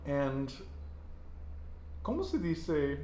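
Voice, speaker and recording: A man's voice: fairly high pitch, sing-song, drawn-out words, dark tone. Guy teaching spanish in an echoey room, repeats answers back, says excellent a lot, bit of hiss. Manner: encouraging, repeats answers and praises them. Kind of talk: casual Spanish lesson.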